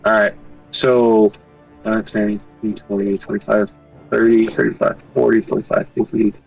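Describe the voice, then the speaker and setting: A man's voice: on the low side, flat delivery, measured pace, vocal fry, slightly rough, highs cut off, soft background music. Hesitant man player, slightly distant mic. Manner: hesitant, thinking aloud. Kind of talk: playing a tabletop game. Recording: voice a bit far from the mic.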